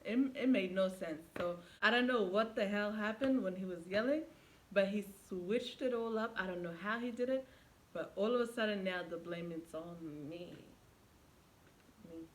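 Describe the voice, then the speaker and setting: A woman's voice: medium pitch, normal speed. A young woman on her vlog, telling a personal story in a chatty way, talking straight to her viewers and acting out what people said. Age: young adult. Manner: animated storyteller who acts out quoted dialogue; chatty, addresses viewers directly. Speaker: vlogger. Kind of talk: storytime vlog, casual retelling.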